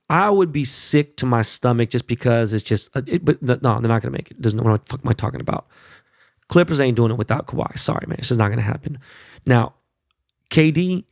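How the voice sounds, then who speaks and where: A man's voice: medium pitch, creaky, no echo, studio quality. A man hosting his own podcast, talking bluntly and profanely in a fired-up casual monologue, often tagging lines with "right?" and "okay?". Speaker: podcast host.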